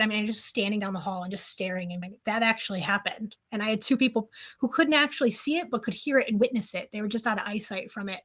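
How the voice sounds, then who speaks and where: A woman guest on a podcast interview tells a personal story in an animated, casual way, full of "like" fillers, at a medium pitch.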